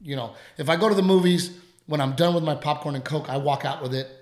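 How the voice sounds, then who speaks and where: A radio host telling a story in casual chat, rambling and animated, with plenty of fillers. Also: male voice, on the high side, quick pace, reverberant.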